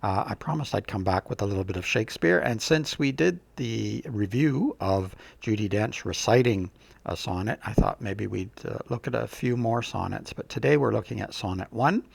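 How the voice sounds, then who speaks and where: A man giving a relaxed, casual poetry lesson as a tutor, with frequent fillers and restarts, recorded on a close mic. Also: lowish voice, normal speed, vocal fry, slightly rough, no room sound.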